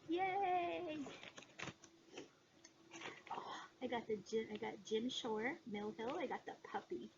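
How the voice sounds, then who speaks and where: A woman chatting casually in a haul video, gushing with excitement and filling pauses with "um". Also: a little high. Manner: excitable, gushing, many fillers. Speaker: cross-stitch vlogger. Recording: dull lo-fi sound with background noise.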